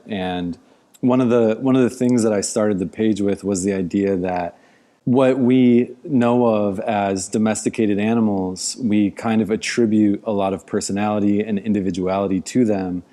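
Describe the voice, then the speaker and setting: A man from the Midwest, an outdoor educator and podcast guest, speaking in a thoughtful, measured way and pausing to find his words. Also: on the low side, warm tone. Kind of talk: casual podcast interview.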